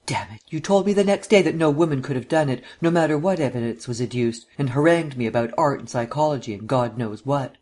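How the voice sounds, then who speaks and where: A man's voice: mid-range voice, fairly quick, darkish tone, slightly rough, close to an everyday voice. A man voicing a stern male district attorney who speaks coldly and indignantly. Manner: cold, clipped and indignant.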